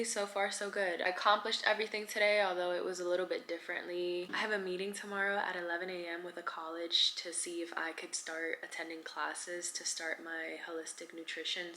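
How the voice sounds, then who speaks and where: Bright-voiced woman vlogging in an echoey room. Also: fairly low pitch. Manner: candid, chatty, swings between soft and excited. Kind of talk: casual vlog diary.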